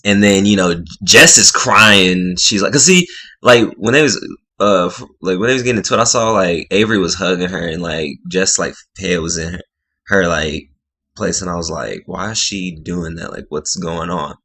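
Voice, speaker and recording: A man's voice: deep voice, moderate pace, bright, forceful tone. A man casually recapping a reality show episode in a rambling way, full of filler words. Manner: rambling, full of "like" and "you know".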